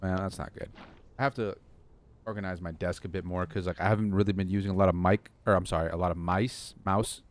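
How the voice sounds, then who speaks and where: Low-pitched and fairly even in intonation, this young man talks quickly as he streams a game from home, wandering through self-mocking chatter aimed at his viewers. A slight hiss or hum is audible.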